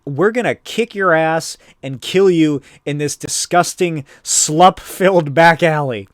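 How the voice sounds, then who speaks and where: A man's voice: a little slow, no echo, studio quality, natural voice. A man doing jeering villains taunting a hero. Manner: high, mocking taunts. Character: jeering gang of comic villains.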